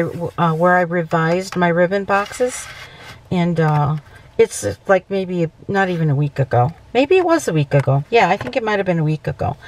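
A woman's voice: lowish voice, a little mellow. A woman hosting a casual papercraft tutorial, chatty and self-correcting, often checking in with "okay". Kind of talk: casual crafting demonstration.

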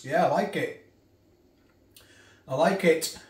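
A man's voice: a little high, slow. A man casually reviewing food for his vlog, chatty, often restarting and eating while he talks. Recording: echoey room from a distance.

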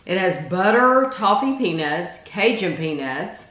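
A woman's voice: on the low side, sing-song, a little slow, a bit bright. A woman hosting a casual snack taste-test video, chatty and enthusiastic, reading out package labels. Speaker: host. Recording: echoey room with faint noise.

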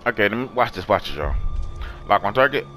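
Excitable young man gaming over music. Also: fairly low pitch, fast talker. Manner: loud, excitable, profane trash talk at enemies. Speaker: gaming channel host. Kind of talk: casual gameplay commentary.

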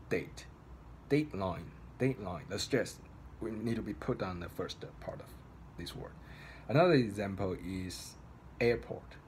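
A man's voice: on the low side, darkish tone, a little hiss or hum, rough recording. A man giving a casual online English pronunciation lesson, hesitant, with many fillers and restarts, repeating example words.

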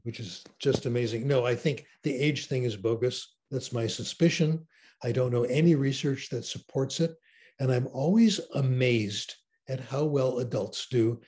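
An older man on a video call, an enthusiastic, animated storyteller in a conversational interview. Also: medium pitch, normal speed. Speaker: interview guest.

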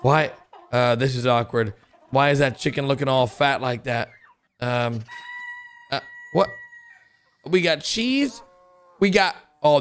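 A young man giving excited reaction commentary on animated videos, with an exclamatory, animated way of talking. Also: high voice, slight background noise. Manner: animated, exclamatory, frequent gasps and laughs. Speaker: gaming YouTuber reacting to animations.

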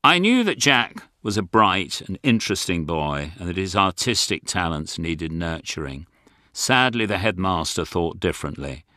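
Older man, low and bright, dry wit, lively delivery; close dry studio read. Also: normal speed, no echo. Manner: dry, wry, self-mocking. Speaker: author and narrator. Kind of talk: audiobook memoir narration.

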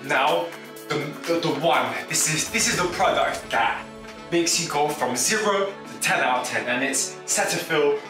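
A man voicing a gushing, over-sweet beauty vlogger with an exaggerated product-pitch delivery. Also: measured pace, recorded from a distance, natural voice. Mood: mock-gushing. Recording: echoey room with music.

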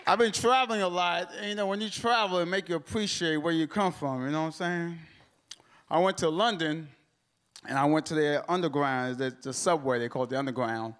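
A man's voice: on the high side, brisk, a bit bright, clear, resonant tone. A man doing stand-up, talking in a casual, slangy conversational way. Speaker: stand-up comedian. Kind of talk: stand-up routine. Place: comedy club stage.

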